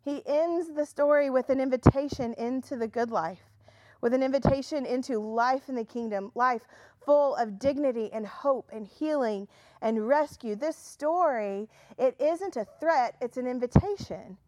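A woman in her thirties, a pastor with a high, slightly mellow voice, gives a conversational sermon at normal speed. She tells stories in a chatty way, full of fillers and restarts, with some self-deprecating humor. There is no echo.

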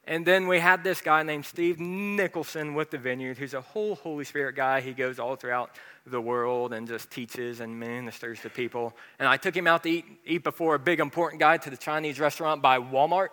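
A man's voice: on the high side, steady tone, fairly quick, pushed and bright, big-room sound. A man preaching a sermon in a casual, conversational way with many fillers, telling a personal story. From American South. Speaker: pastor.

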